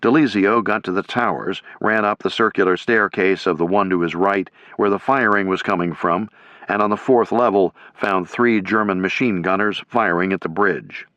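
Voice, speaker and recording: A man reading a military history audiobook in steady, measured scripted narration. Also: low voice, dry recording. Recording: dull lo-fi.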